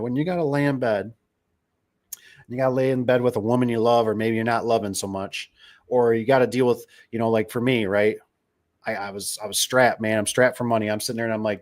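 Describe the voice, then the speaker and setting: A middle-aged man telling stories in a casual, rambling monologue, repeating himself and getting fired up. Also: mid-range voice. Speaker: podcast host.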